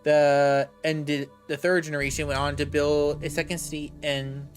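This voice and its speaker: A grave vampire ally speaks slowly and deliberately about ancient bloodlines, as a man reads him aloud in a game. His voice runs a little lower and quieter than ordinary talk. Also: flat delivery, faint music behind, natural voice.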